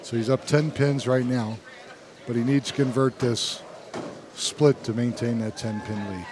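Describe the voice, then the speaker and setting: Over the noise of a bowling alley, a man calls play-by-play for a bowling broadcast in a steady, unhurried mid-range voice. His commentary is casual and jokey, and he laughs frequently.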